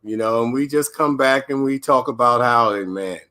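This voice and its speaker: A man's voice: mid-range voice, moderate pace, clear, resonant tone. An older man, a guest on a web talk show, chatting casually over a video call and telling stories in an easygoing, chuckling way. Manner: relaxed storytelling, chuckling while recalling. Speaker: guest, father of the host.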